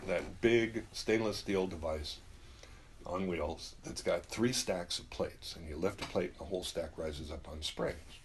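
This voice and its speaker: Low-voiced and middle-aged, this talk show host delivers a casual advice monologue that's blunt and emphatic, packed with swearing and quotes he acts out in different voices. A slight hiss or hum can be heard.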